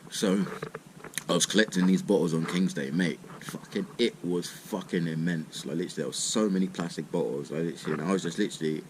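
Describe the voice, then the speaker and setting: A man's voice: very deep voice, noisy background. A young man telling a rambling, casual story full of swearing and "mate". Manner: rambling, swears a lot, says "mate" and "literally" often.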